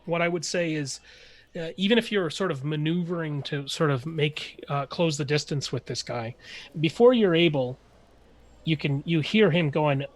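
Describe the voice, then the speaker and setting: A man's voice: fairly high pitch, normal speed. Brief: male game master, loose descriptive narration, wandering phrasing.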